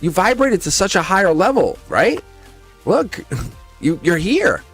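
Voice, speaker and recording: An excitable man reading tarot cards on a live stream, his fairly high voice swooping up and down as he talks. He laughs often and swears freely, all in a loose, casual way. Faint music plays behind him. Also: measured pace, husky.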